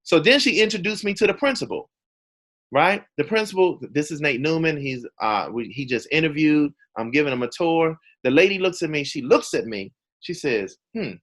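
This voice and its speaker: Animated man telling a story. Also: a little high, moderate pace. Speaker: motivational speaker. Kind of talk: storytelling talk to an audience.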